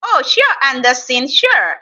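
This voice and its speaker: Female live-stream host, Nigerian accent, high bright voice, unhurried teasing chat, lo-fi stream audio. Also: sing-song, recorded from a distance. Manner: chatty, teasing, reads viewer comments aloud. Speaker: YouTube creator hosting a live stream. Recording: slightly dull lo-fi stream audio.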